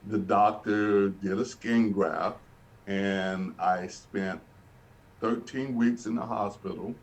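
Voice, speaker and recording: An earnest man in his sixties tells a personal story in a sit-down interview, circling back over his phrases as he goes. His voice sits fairly low, and the mic catches him from some distance away. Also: steady tone, takes it slowly. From Birmingham, Alabama, US. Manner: earnest, repeats and restarts phrases, vividly recounting. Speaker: interview guest. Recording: voice picked up from a distance.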